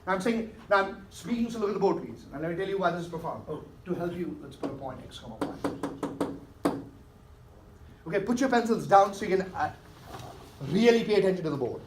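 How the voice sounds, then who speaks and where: High-voiced male teacher in an echoey classroom. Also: lively intonation, fast talker. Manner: coaxing, keeps checking understanding. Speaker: math teacher. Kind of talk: classroom lecture with questions to students. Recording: echoey classroom from far off, faint hiss.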